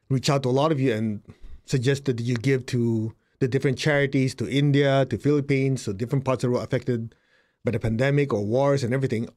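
A middle-aged man whose first language is not English, giving an emphatic, repetitive spiritual talk as a healer. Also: medium pitch. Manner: emphatic and repetitive, with lively jumps into quoted voices.

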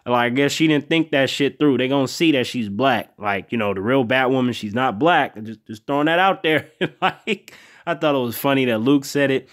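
A man hosting a casual vlog review, laid-back and profane, often laughing and acting out characters' lines. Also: mid-range voice. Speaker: TV show reviewer and channel host.

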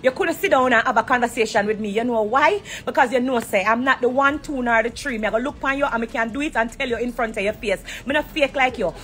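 A woman's voice: a little high, fast talker, few pauses, a bit bright, a little hiss or hum. A woman with a Jamaican accent, ranting heatedly on a live stream from a corner of an airport. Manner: heated and confrontational.

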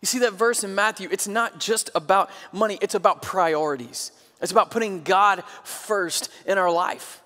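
A man in his thirties preaching a sermon, telling stories in a conversational way and dropping to a quiet voice for emphasis. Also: sits high, moderate pace, hardly any pauses, long reverb tail. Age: 30s. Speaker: pastor.

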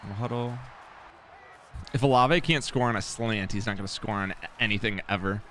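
A man's voice: fairly low pitch, fairly even intonation, normal speed, fairly bright tone, a little hiss or hum. A young man muttering casual commentary to himself while streaming a football video game, self-deprecating and swearing.

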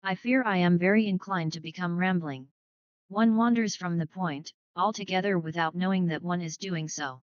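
A woman voicing a modest, gently rambling elderly spinster lady in a dry, dull recording. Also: on the low side, normal speed, dry recording, lightly acted. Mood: gentle. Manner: modest, rambling, softly spoken.

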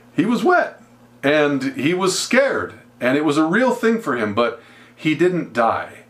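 A man's voice: on the high side, sing-song, slow, fairly bright tone. A male pastor teaching a Bible passage, acting out its characters as he tells the story.

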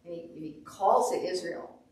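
A woman pastor preaching a sermon, telling stories with animated delivery and acting out quotes. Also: on the low side, a little slow, distant mic. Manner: animated storytelling, acts out quotes. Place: church sanctuary. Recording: echoey room, voice off the mic.

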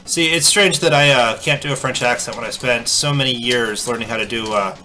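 A man chats playfully as he plays through a game. His voice is bright and crisp at an ordinary male pitch. Light music plays faintly behind him. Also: a little fast. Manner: playful, chatty, reacts aloud. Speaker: let's play host. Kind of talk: casual gameplay commentary.

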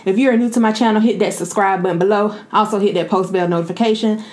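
Young woman doing a chatty eating vlog, talks to viewers like friends, mid pitch. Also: steady tone, fast talker, darkish tone. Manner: chatty, keeps calling viewers "y'all". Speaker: mukbang host. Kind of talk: casual eating vlog chat.

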